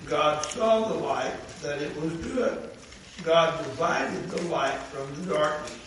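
A man reading scripture aloud at a Bible study in a measured, deliberate way. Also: on the high side, lively intonation, a bit bright. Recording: distant mic in a very echoey room with background noise.

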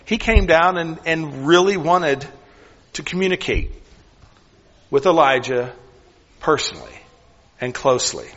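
A male pastor preaching a sermon earnestly, with deliberate pauses and drops to a near whisper for emphasis. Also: fairly high pitch, very animated, fairly bright tone. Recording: dull sound with long hall reverb.

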